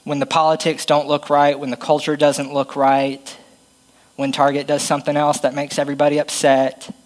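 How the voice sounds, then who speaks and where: A man's voice: on the high side, completely flat delivery, moderate pace, poor audio. Man preaching a casual sermon. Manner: conversational, self-deprecating preaching with Bible reading.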